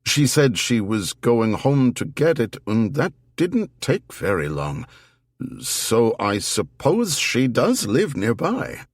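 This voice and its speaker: A man's voice: mid-range voice, very animated, slow pace, no room sound, studio quality, voice pushed up. A man doing a hesitant, apologetic German shopkeeper. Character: polite older male German shopkeeper, sympathetic and hesitant.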